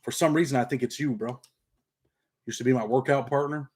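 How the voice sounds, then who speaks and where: A man's voice: mid-range voice, fairly even intonation, a little fast, a little mellow, slightly rough. A middle-aged man from Rochester, New York, with a slightly country upstate accent, hosting a casual livestream and chatting with viewers in streetwise slang, saying "man" constantly. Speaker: channel host and paralegal. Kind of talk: casual livestream chat, reading comments.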